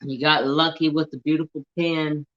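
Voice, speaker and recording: A man hosting a crafts livestream in casual chat, slow and chatty, a bit teary and sniffly, at home with a fan blowing. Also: fairly high pitch, little pitch movement, fairly bright tone. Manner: slow, chatty, humming to himself. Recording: dull lo-fi stream audio.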